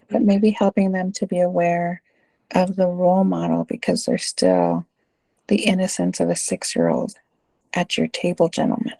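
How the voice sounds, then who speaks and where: A middle-aged woman with a Texan accent talks through school stories in an interview. Her voice is warm and gravelly, and she leans on fillers and "right?" tags. The sound is close and dry, with no room echo. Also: fairly low pitch. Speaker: school administrator. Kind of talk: interview answer, casual storytelling.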